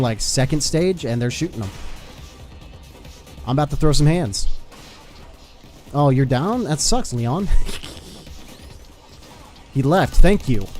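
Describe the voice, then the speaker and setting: A man's voice: mid-range voice, darkish tone. A young American man streaming a game, chatting loosely with teammates and swearing now and then. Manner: loose, swears, chats with teammates while playing. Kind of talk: casual gaming stream chat.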